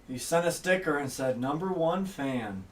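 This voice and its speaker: A man's voice: on the high side, lively intonation, normal speed. A man co-hosting a casual livestream, reading out donations and chat messages. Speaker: livestream co-host. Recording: distant mic with faint room noise.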